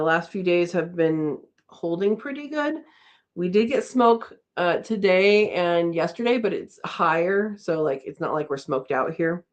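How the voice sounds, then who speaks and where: A woman talks casually to her online viewers from home, her voice sitting a little low. She chats loosely, reads out comments as they come in, and laughs easily between thoughts. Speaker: host of a live chat. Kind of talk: casual livestream chat reading comments. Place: home, indoors.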